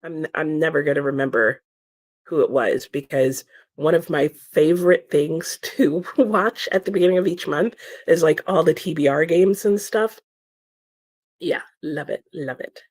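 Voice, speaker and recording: A woman's voice: low voice, normal speed, a little mellow, dry recording. A woman hosting a livestream in casual chat, reading out viewer comments, still sleepy, giggling and stumbling over her words. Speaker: livestream host.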